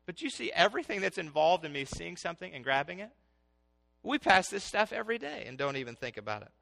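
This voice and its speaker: A middle-aged man preaching a sermon in an animated, conversational way, often asking his listeners questions. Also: high voice, gravelly.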